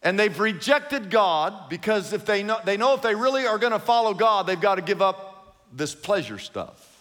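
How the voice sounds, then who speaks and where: A man's voice: high voice, lively intonation, normal speed. Older man, pastor, sermon, emphatic and dramatic, long hall reverb, large church. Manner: emphatic, dramatic preaching with sudden swings in loudness.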